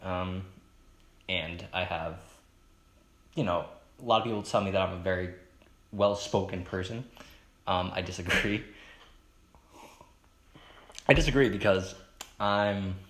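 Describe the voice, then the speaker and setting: A young man hosting a solo podcast, rambling and hesitant with many fillers and restarts, in a fairly monotone baritone. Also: a little slow, long pauses, reverberant. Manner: self-conscious, chatty. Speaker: podcast host. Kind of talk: solo casual podcast monologue.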